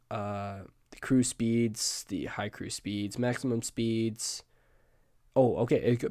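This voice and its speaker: Croaky sick guy talking through his slides, lowish voice, rambles and fixes his words a lot, dry sound. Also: a little mellow, dry recording. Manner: rambling, with asides and self-corrections. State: sick and hoarse. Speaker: student presenter. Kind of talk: casual screen-share presentation.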